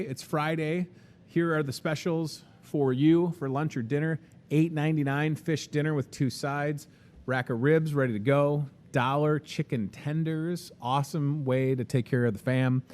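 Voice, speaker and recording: Medium in pitch with a darkish tone, this young Midwestern American man runs a casual live promo for a store. He keeps things chatty and upbeat, joking his way through the sales pitch.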